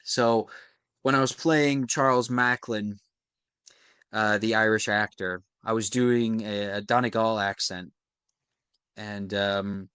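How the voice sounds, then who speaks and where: Young American male actor, smooth clear tone, thoughtful interview guest. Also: fairly low pitch, a bit bright, no room sound, studio quality. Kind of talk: casual interview.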